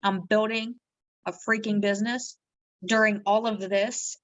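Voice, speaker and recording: A woman's voice: medium pitch, steady tone, unhurried, dry recording. A woman leading a direct-sales team, speaking earnestly in a heartfelt motivational live video and often asking "right?". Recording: dull lo-fi audio.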